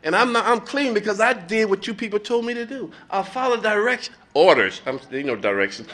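A middle-aged man giving a blunt, profane, animated speaker share at a recovery meeting, laughing between lines. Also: high voice, brisk. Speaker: recovering addict sharing at a meeting.

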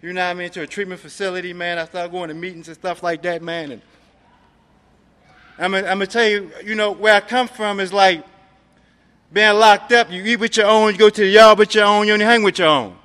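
A man's voice: high voice, flat delivery, a little fast, bright, forceful tone, smooth, long reverb tail. A man from Maryland giving a personal recovery testimony, streetwise and profane, filling his talk with "man". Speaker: recovery speaker.

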